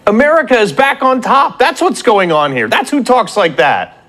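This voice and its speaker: A man's voice: high voice, big pitch swings, normal speed, fairly bright tone. A man delivering a fiery political opinion monologue, combative and rhetorical, hammering phrases through repetition. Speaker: political commentator.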